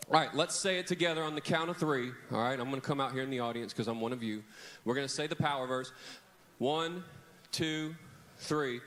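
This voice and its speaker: Lively man running a kids' church service on a handheld mic, slightly high voice, calls and repeats with the children. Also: brisk. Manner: animated, leads call-and-response with kids. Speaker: camp preacher. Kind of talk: children's sermon. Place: large church hall with children. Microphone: handheld microphone.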